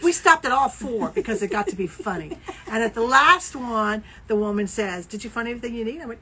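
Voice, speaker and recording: A woman co-hosts a casual podcast and spins stories, acting out every quoted line. Her voice is bright and forward. A faint hiss of noise sits under the recording. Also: on the high side, a little fast, low-quality recording. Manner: animated storyteller, acts out quoted voices. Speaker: podcast co-host. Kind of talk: casual chat.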